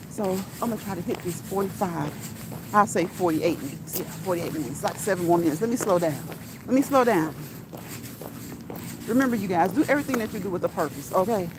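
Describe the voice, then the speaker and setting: A middle-aged woman chatting as she walks outside, laughing easily and repeating herself for emphasis. Steady outdoor noise runs under her voice. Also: fairly low pitch. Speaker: vlogger. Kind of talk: casual walk-and-talk vlog. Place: outdoors on a walk.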